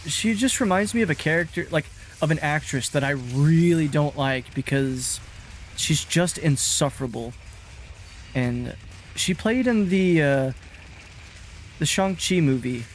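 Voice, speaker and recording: A man's voice: a little high, animated, measured pace, slight background noise. A man streaming a game, chatting casually in a rambling, self-mocking way and swearing freely. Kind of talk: casual gaming commentary.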